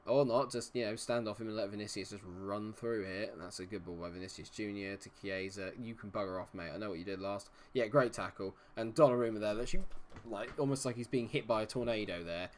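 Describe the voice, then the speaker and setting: A man's voice: on the low side, a little fast, slight background noise. A young man from Dorset with a Dorset English accent, commentating a live football game stream in a chatty, self-deprecating way, humming and muttering to himself between plays. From England, Dorset. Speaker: gaming streamer.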